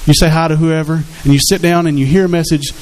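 A man's voice: on the high side, fairly even intonation, fast, a little mellow, poor audio. A man preaching a sermon as pastor, in a conversational way, often asking the congregation questions. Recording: faint hiss in the background.

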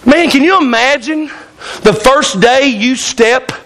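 Fiery preacher guy, real high pitched, hollers at the congregation. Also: slow, fairly bright tone. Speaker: pastor. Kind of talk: sermon. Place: church sanctuary.

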